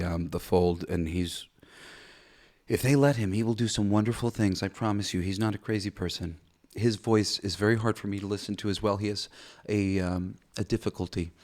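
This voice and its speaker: A middle-aged man hosting a podcast, talking in a rambling, profane and emotional casual monologue. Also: low voice. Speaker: podcast host.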